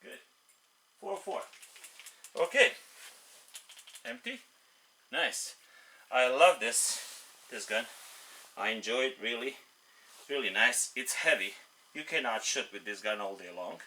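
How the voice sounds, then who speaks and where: A man gives casual commentary while test shooting, calling out readings in short clipped bursts. His pitch moves around a lot. The recording is roomy and echoey, with clear noise behind him. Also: sing-song, slow, pauses often, bright, forceful tone. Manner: reads out velocity numbers in short bursts. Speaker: air rifle reviewer.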